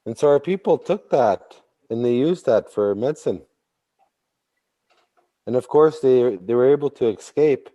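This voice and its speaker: A man telling a traditional story slowly, repeating phrases and bursting into sudden animated emphasis. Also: mid-range voice. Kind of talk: oral storytelling.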